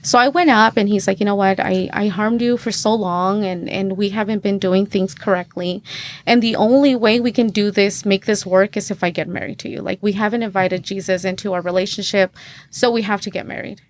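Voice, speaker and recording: A woman's voice: mid-range voice, steady tone, a little fast. A woman in her thirties, a podcast guest, chatting through a personal testimony and acting out the dialogue she quotes. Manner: chatty, acts out quoted dialogue, many fillers. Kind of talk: personal testimony in casual conversation.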